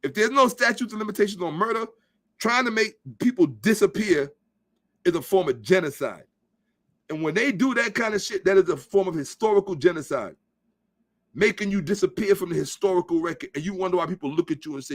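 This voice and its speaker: A man hosting a podcast delivers a ranting social commentary monologue, blunt, profane and emphatic as he lectures his listeners. His voice sits high, with lively intonation and a fairly quick pace.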